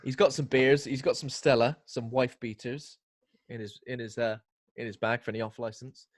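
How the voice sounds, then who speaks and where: A man chats casually as a podcast co-host, mid-pitched and recorded close and dry. He tells his stories with energy, putting on voices for the people he quotes. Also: normal speed, dry recording. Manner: lively storyteller, acts out quotes. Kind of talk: casual film chat.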